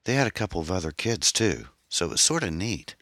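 A man voicing a troubled young woman, an orphan who talks in a hesitant, halting, pained way. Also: sits low, very animated, a bit bright, no echo, studio quality, pitched above the performer's own voice. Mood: guarded, pained.

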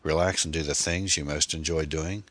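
A man voicing a charming, secretive man who talks smoothly and evades questions in an audiobook. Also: extremely low pitch, fairly even intonation, moderate pace, fairly bright tone, no echo. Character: charming, secretive man showing off his house.

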